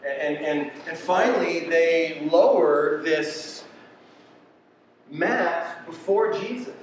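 A man preaching a sermon with passion, swinging between quiet and loud delivery. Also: high voice, slight background noise. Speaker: pastor. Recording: echoey room from far off.

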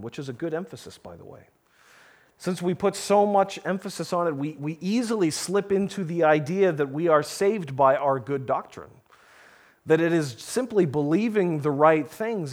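A man preaching a sermon, reading scripture and explaining it earnestly, with slow emphatic pauses. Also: a little high. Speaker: pastor.

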